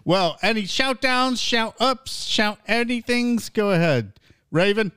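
Man hosting a lively teasing chat. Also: high voice, clean tone, no echo, studio quality. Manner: teasing, bossy, quick to laugh. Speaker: podcast host. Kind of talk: satirical pub-style chat.

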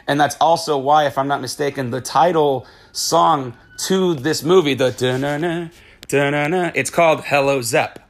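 A man casually retelling a film's plot, excitable and swearing freely, acting out the characters' lines as he goes. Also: a little high, normal speed, hardly any pauses. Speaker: movie recap host. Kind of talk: casual spoiler-filled movie recap.

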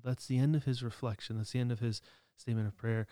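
A man co-hosting a faith podcast reflects aloud in a loose, conversational way. He stops and restarts often, fills pauses, and chuckles to himself. His voice sits at a middle pitch, recorded close and dry with no room sound. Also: steady tone, mellow, no echo. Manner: conversational, many restarts and fillers, chuckling asides. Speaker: podcast co-host. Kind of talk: casual reflective commentary.

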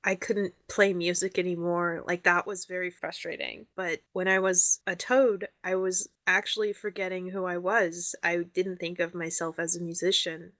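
A woman voicing a young female dwarf bard who speaks softly and hesitantly, close to tears. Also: on the low side, little pitch movement, moderate pace, hardly any pauses, dry recording, natural voice. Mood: anxious. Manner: soft, hesitant, on the verge of tears.

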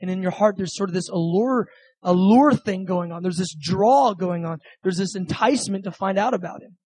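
A man's voice: high voice, normal speed, a little mellow, husky, dry recording, poor audio. A man preaching a sermon in an earnest, conversational way, often repeating phrases.

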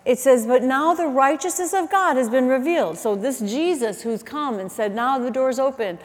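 A middle-aged woman delivers a sermon in a somewhat high voice, chatty and animated, full of asides and self-corrections. Her voice carries the long reverb of a large church hall. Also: moderate pace. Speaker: preacher. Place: church auditorium.

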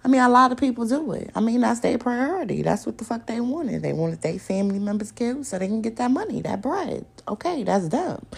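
A woman's voice: fairly high pitch, creaky, a little mellow, husky. A young adult woman hosting a solo podcast, ranting in a profane, confrontational way and repeating lines for emphasis. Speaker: podcast host.

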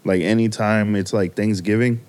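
A man's voice: lowish voice, fairly even intonation, normal speed, darkish tone, clear, resonant tone. A man co-hosting a podcast, joking and teasing in casual banter. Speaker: podcast co-host. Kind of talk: casual chat.

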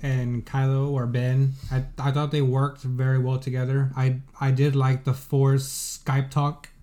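A young man talks in a relaxed, measured way, often restarting his sentences. His tone is dark and mellow. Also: mid-range voice. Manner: measured, hesitant, with false starts. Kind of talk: casual chat.

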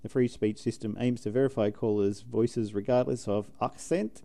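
Aussie guy on a tech podcast, warm mellow voice, cracks jokes reading the news. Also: mid-range voice, steady tone, moderate pace, creaky. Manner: jokey, drops in silly sound effects. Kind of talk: casual chat, reading news aloud.

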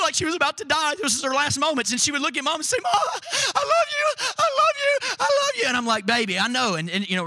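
A man in his thirties preaching a sermon, telling family stories with animated quoted voices and frequent "right?" asides. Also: sits high, no echo. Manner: repeats "right?" to engage listeners. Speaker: pastor.

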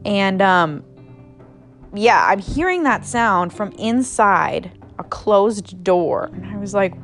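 A woman's voice: mid-range voice, expressive, slow. Young adult woman, casual podcast storyteller, filler-heavy and unfiltered, faint music bed. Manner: chatty, heavy use of "like", swears freely.

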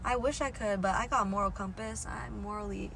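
Casual podcast co-host, woman in her twenties, giggly and bright, slightly out of breath. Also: mid-range voice, fairly even intonation, fairly quick, creaky, a little hiss or hum. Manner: giggly and playful. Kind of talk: casual chat.

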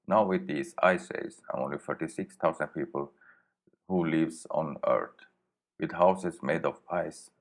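A man with a Swedish accent, reading a story for his podcast in halting, plain English with many fillers. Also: low-pitched.

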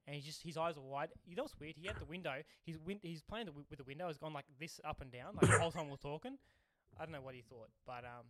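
An Australian man co-hosting a podcast, telling stories in a casual, animated way and getting worked up as he talks. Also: on the high side, heavy background noise. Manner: animated storytelling, quick to anger. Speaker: podcast co-host. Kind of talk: casual chat.

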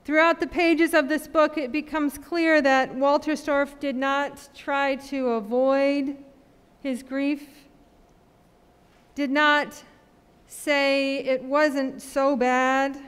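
A woman pastor delivers her sermon in a high, clear voice. She speaks very slowly and leaves long pauses between phrases. Her words trail off into the long reverb of a large church. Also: little pitch movement. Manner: slow, measured preaching with long pauses. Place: church sanctuary.

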